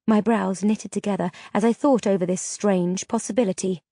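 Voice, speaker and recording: A woman narrating a fantasy novel in the first person with steady storytelling. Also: mid-range voice, moderate pace, hardly any pauses, no room sound, studio quality. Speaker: audiobook narrator.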